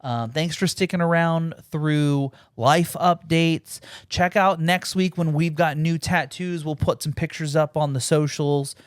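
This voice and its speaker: A man's voice: fairly high pitch, unhurried, hardly any pauses, clean tone, dry recording, studio quality. Laid-back rambling male podcast host. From American Midwest. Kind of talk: casual podcast outro chat.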